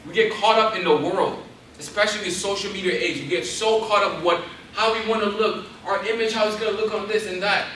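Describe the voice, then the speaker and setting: A man's voice: high voice, brisk, sharp tone, recorded from a distance, slight background noise. A young man giving an intense, preacherly Christian talk to an audience in a large hall, building to emphatic exhortations. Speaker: guest speaker. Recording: very echoey hall, voice off-mic.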